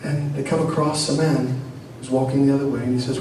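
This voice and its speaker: A rabbi telling a teaching story in an animated way, with a few Yiddish words mixed in. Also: male voice, mid-range voice, a little fast. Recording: very echoey room, distant mic, noisy.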